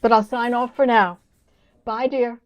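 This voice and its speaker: An older woman talking with an old friend in a hesitant, halting, self-doubting way. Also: on the high side, steady tone. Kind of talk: casual chat between old friends. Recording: dull lo-fi remote line.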